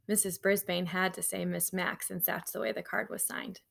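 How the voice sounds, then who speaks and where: A woman teacher reading a children's novel aloud to her class in a lively storytelling manner, breaking off for casual asides to her students. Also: on the low side, moderate pace, vocal fry, hardly any pauses.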